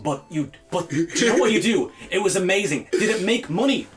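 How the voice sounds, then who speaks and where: A male podcast co-host rants through casual chat in heated, exasperated bursts, swearing freely. His voice sits high, and he talks fairly quickly and expressively.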